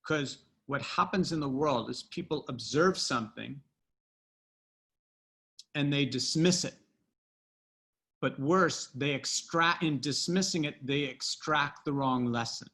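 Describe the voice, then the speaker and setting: A man who wrote a book, from the United States, answering at length in an interview with emphatic pauses and restarts. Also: a little high, bright, forceful tone. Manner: emphatic, drawn-out, many restarts. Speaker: podcast guest, author.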